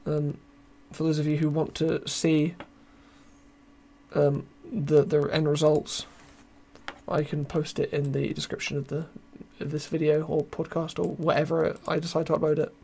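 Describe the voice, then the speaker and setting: This young adult podcast host from Britain rambles through a casual live show, poking fun at himself and reading chat aloud, his voice tired and wearing thin. His British English comes at normal speed in a high-side, gravelly, warm voice with little pitch movement.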